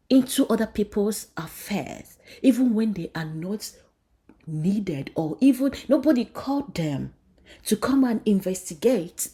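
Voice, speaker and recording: A woman's voice: medium pitch, dark tone, slightly rough. A woman vlogger giving an emotional commentary, speaking emphatically and preachily and blessing her viewers directly.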